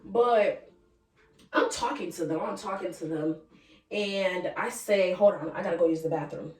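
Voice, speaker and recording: A woman's voice: on the low side, moderate pace, recorded from a distance. A young woman rambling through a casual storytime, blunt and chatty, cursing now and then and turning to address her viewers. She sits back from the mic, and the room gives her voice a hollow, roomy ring. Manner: chatty, frank, swears freely; talks straight to viewers. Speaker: vlogger.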